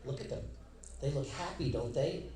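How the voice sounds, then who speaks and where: Indignant suburban woman, played by a male stand-up, insistent, booming room. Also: expressive, normal speed, recorded from a distance, very noisy, lightly acted. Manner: insistent, defensive. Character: indignant woman dog owner, defensive. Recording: echoey club, mic heard from afar.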